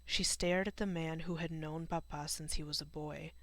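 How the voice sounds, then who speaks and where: A woman narrating an audiobook in a measured, sombre storytelling manner. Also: deep voice, fairly even intonation, fairly bright tone, no room sound. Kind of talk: scripted narration.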